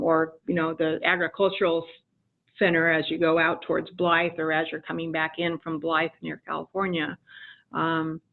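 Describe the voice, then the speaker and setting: A woman giving a measured, explanatory webinar presentation on legal matters, with frequent ums. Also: fairly low pitch. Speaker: immigration attorney presenter. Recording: tinny phone-line audio.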